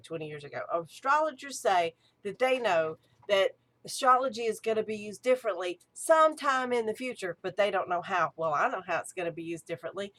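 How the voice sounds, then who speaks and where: Chatty excited woman explaining stuff, casual teaching vibe, middle pitch. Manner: eager, chatty and enthusiastic. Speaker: archpriestess and ritual director.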